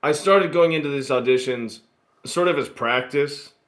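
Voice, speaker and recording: A man's voice: mid-range voice, normal speed. Laid-back guy telling long stories on a podcast, echoey room. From born in Australia, grew up in Texas. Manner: relaxed, rambling storyteller with fillers. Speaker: guest actor. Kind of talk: casual interview storytelling. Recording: roomy echo.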